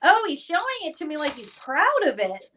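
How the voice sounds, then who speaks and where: A woman doing remote viewing in a casual live chat, halting and full of restarts, given to squeamish exclamations. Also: high voice, very animated, bright, forceful tone. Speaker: psychic remote viewer.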